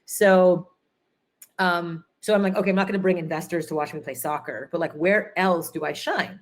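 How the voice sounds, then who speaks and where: A woman's voice: lowish voice, normal speed. A woman entrepreneur telling stories in a conference interview, acting out quotes with many "like"s and fillers. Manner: animated storyteller, acts out quotes, many fillers. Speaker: entrepreneur guest.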